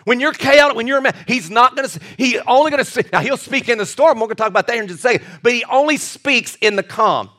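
A male pastor preaching a lively sermon with jokey asides and repeated restarts. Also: very high voice, rapid-fire, few pauses.

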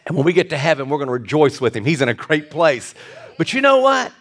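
Male pastor, high voice, animated storytelling sermon, sometimes hushed and tender. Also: fast. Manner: drops to a soft hushed voice for tender moments.

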